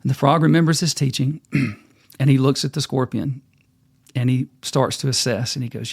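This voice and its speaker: Gravelly plain-spoken man telling a story. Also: mid-range voice, fairly even intonation, moderate pace, no echo. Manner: plain-spoken, folksy, with restarts. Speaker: host and speaker. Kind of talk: storytelling talk with sermon-like lessons.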